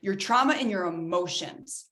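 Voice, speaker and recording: Woman wellness coach talking to her online group, emphatic, lots of energy, middle pitch. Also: moderate pace. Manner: energetic, emphatic, addresses listeners as guys. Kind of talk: workshop talk to an online audience.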